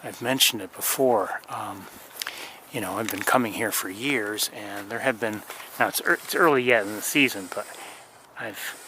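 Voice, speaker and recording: A man's voice: on the low side, moderate pace, background noise. A man narrating casually while walking wet outdoor trails in light rain, rambling with many fillers and restarts as he guides a birding tour.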